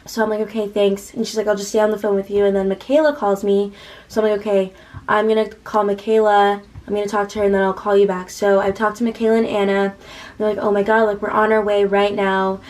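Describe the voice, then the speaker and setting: A woman's voice: mid-range voice, flat delivery, quick pace, a little mellow, poor audio. A young woman in her late teens casually telling a personal story to her vlog audience, full of "like" and quoted back-and-forth dialogue. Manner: chatty, heavy use of "like", retelling with quoted dialogue. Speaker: vlogger.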